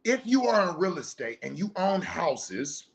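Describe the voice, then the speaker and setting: A fairly high-voiced middle-aged man hosting a casual talk show, holding forth bluntly with lots of swearing. He lectures like a preacher and drops into stories from his own household. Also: big pitch swings, measured pace, vocal fry, slight background noise. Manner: blunt, profane, preachy, storytelling. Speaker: podcast host. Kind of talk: casual monologue, commentary.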